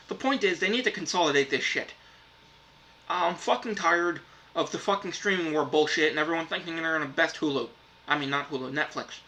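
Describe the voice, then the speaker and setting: A man with a slightly raised, sharp and forceful voice tears into his subject in a heated rant. He swears in nearly every sentence and sounds fed up. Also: on the high side, low-quality recording. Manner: frustrated, swears constantly. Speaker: reviewer. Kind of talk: profane ranting review.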